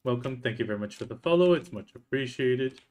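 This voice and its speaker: A man's voice: medium pitch, fast talker. A man live-streaming a game, chatting casually and greeting viewers as he plays. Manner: relaxed, talks to himself and greets viewers between game moves. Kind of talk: casual live-stream chat while playing.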